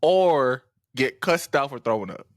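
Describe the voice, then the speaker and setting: A man in his twenties telling a story in casual podcast chat, animated and profane as he acts out the people he quotes. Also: medium pitch, a little slow. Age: 20s. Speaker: podcast co-host.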